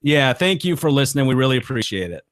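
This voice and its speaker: A man's voice: medium pitch, sing-song, fast talker, a bit bright, no echo, clean studio sound. A man hosting a podcast, joking and teasing the others in casual chat. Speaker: podcast host.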